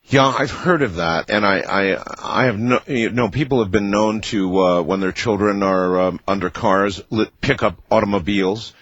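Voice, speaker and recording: Very deep-voiced male radio host. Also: fairly bright tone, slight background noise. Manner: halting questions, with many brief murmured acknowledgments. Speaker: radio talk show host. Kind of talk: late-night radio interview. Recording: dull lo-fi broadcast audio.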